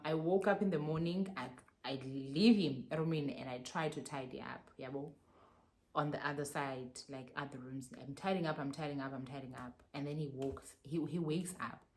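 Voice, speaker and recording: A young woman telling a story to her viewers in a casual, animated way, switching between languages and often calling out to them. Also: deep voice. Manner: animated, code-switching, addresses viewers as guys.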